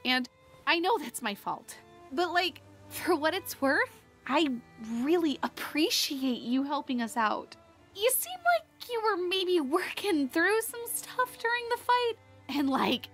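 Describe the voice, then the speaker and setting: A woman's voice: extremely high pitch, a bit bright, heavily acted. A woman voicing an awkward, pushy fairy leader who rambles clumsy encouragement in a cartoon parody.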